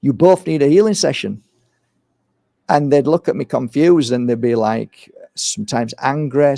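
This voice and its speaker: A man's voice: medium pitch, gravelly, no echo, studio quality. A man who works as a crystal healer, talking in a casual monologue and acting out exclamations. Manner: animated, acts out exclamations, swears.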